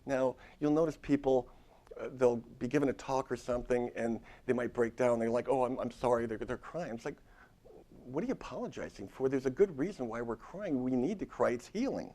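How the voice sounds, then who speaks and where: This man in his fifties is a therapist teaching a university class in a chatty style. He keeps asking "okay?" and says things more than once, his mid-range voice warm and a little fast.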